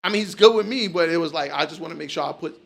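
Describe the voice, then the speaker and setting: A man hosts a loose, swearing, storytelling chat. His voice sits a little higher than most men's, and he talks casually with his guests. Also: rapid-fire, gravelly, fairly bright tone. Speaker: podcast host.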